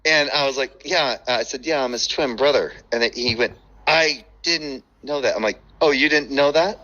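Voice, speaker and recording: A man chatting casually and telling stories with lots of cursing, acting out the people he quotes. His voice has a very bright edge. The sound is dull and lo-fi, like an online call. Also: mid-range voice, normal speed. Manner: profane, animated storyteller who acts out quoted voices. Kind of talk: casual chat.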